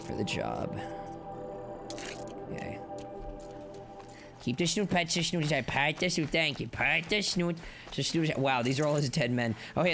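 Guy streaming a game, high raspy-fry voice, goofy and chatty, game music going loud behind him. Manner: excitable, playful, rambling, chats to viewers. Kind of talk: live gameplay commentary.

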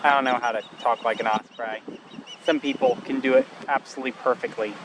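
A man filming wildlife outdoors by a marsh, musing aloud and soothing a bird in a gentle, coaxing way. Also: medium pitch, steady tone, a little fast. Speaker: wildlife videographer. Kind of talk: casual narration while filming. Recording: outdoor wind and ambient noise. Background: wind, birds and passing vehicles.

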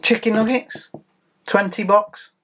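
A man's voice: high voice, steady tone, slow pace, a bit bright, slight background noise. A man co-hosting and running a casual quiz, teasing and playful. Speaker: co-host, quizmaster.

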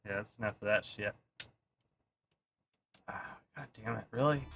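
A man streaming himself playing a game live, swearing and yelling angrily at the game between muttered asides to chat. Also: on the low side, a little slow, creaky, pauses often, music in the background. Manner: profane, ranting, yelling at the game. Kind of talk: live gameplay stream commentary.

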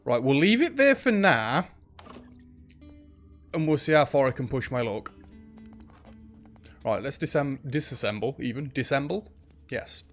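A man's voice: medium pitch, lively intonation, a little slow, pauses often, faint music behind. A man hosting a let's play, thinking aloud in casual gameplay commentary. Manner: chatty, thinks aloud while playing, frequent ums.

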